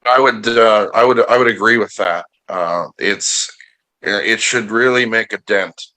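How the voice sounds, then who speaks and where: A man speaking as a guest on a live online Q&A, halting with many restarts and fillers. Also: fairly low pitch, bright, forceful tone, low-quality recording. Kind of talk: casual livestream interview.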